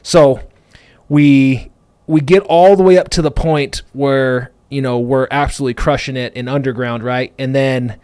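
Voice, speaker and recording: Clean and echo-free, this recording features a man with a mid-range voice who hosts a podcast. He recounts how his business came about in a fast, animated, meandering way, full of fillers such as "like" and "you know." The tone is casual, like a chat with a friend, and he owns the business himself.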